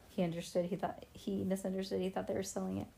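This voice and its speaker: A woman's voice: medium pitch, little pitch movement, fairly quick, creaky, mellow. Woman reading a kids' book aloud, playful. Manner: playful, adds chatty asides. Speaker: storybook reader.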